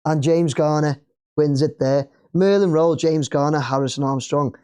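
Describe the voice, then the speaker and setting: A man's voice: on the high side, steady tone, normal speed, mellow, clear, resonant tone. A man with an English accent hosting a live football watch-along, chatting casually and cheering at the play.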